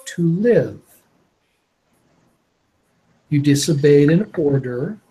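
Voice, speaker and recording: A man voicing a cold, proud female Marazar interrogator who questions slowly and menacingly in a tabletop game. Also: a little high, expressive, warm tone, husky, exaggerated voice.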